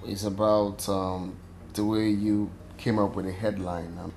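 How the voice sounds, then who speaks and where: A man playing a calm, reserved young prince. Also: fairly low pitch, measured pace, vocal fry, soft background music. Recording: echoey room.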